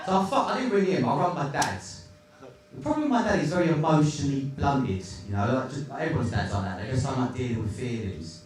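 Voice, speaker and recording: A man's voice: medium pitch, expressive, fast talker, far from the mic. A man doing a stand-up comedy set, crude, sardonic and rambling. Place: comedy club stage. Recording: echoey club, recorded from afar, noisy.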